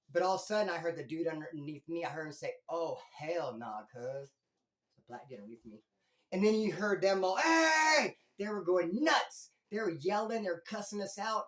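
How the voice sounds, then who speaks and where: A man casually telling a story from his time in prison, slangy and animated, jumping between loud emphasis and low asides. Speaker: former inmate storyteller. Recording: roomy echo.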